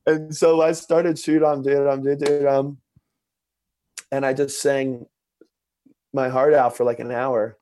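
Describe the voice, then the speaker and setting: A man telling a personal story in conversation, earnest and expressive, with many fillers. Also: medium pitch, measured pace, pauses often, no echo.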